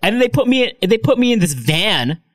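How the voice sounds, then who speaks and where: A man from the United States tells a story in a casual chat with a fairly high voice. His pitch swings widely as he acts out the people in it. He laughs often and keeps the telling animated. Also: fairly quick.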